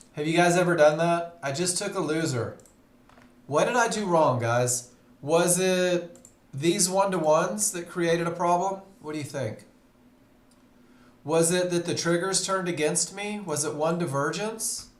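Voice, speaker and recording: Slow-talking man teaching a live trading class. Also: a little high, roomy sound. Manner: conversational, asks the audience questions. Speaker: trading instructor. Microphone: computer mic on a live webinar.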